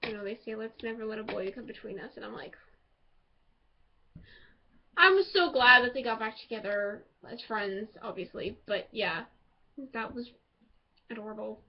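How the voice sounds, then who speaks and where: A woman casually reviewing a TV episode, excitable and rambling as she gushes over the characters. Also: a little high, moderate pace, pauses often, a little hiss or hum. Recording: dull lo-fi home recording.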